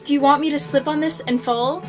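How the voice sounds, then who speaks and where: A young woman voicing an angry, spiteful middle-aged female neighbor with a shrill, overwrought whine. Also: steady tone, fairly quick, lightly acted. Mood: accusing. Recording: guitar music playing underneath.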